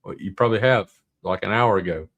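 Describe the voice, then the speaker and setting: Male livestream host with a Southern drawl, gravelly tone, loose and rambling chat. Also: on the low side, quick pace, fairly bright tone, dull audio. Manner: rambling, reads viewer comments aloud.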